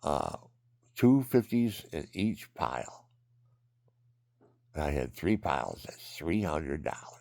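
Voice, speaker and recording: An older man telling a rambling personal story, often dropping into hushed whispers and repeating himself. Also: very deep voice, big pitch swings, slow pace, long pauses, no echo. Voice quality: gravelly. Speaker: vlogger.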